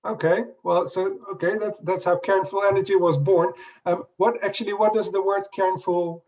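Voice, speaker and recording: A male interviewer with a fairly high voice puts measured questions to his guest, pausing to search for words. He sounds some distance from the microphone. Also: fairly even intonation, darkish tone. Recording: voice distant from the mic.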